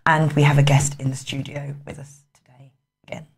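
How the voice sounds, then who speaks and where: A woman's voice: low voice, little pitch movement, a little fast, creaky, breathy edge. A woman presenter opening an online news programme with a light, chatty introduction. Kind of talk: casual studio news introduction.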